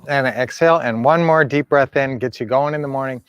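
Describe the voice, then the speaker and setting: A middle-aged man hosts a casual coaching livestream for real estate buyers. He rambles in a folksy way with plenty of fillers, in a fairly high voice. The recording is dry and close. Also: quick pace, hardly any pauses, clean tone, no room sound.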